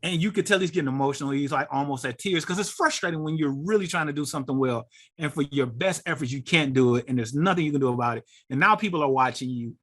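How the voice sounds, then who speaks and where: A middle-aged man, a guest on an interview show, telling a personal story in an animated and emotional way. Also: on the high side, fast. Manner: animated, acts out quoted voices, gets emotional.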